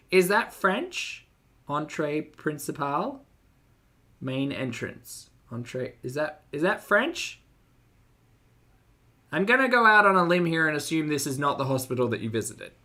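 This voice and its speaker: A man's voice: a little high, bright, forceful tone. An Australian man chatting casually on a live stream, playful and joking as he reacts to videos and reads viewer messages.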